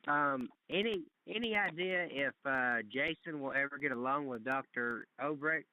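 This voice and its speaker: Very bright-voiced, halting male host. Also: medium pitch, rough recording. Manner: hesitant, many fillers and restarts. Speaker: podcast host. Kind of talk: casual interview chat.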